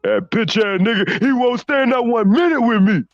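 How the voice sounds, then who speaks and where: A man's voice: very high voice, moderate pace, no room sound, muffled recording, faint music behind. A man impersonating a boastful, arrogant former basketball star in a comedic rant, swearing and stumbling over repeated restarts. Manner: profane bragging, stammered restarts.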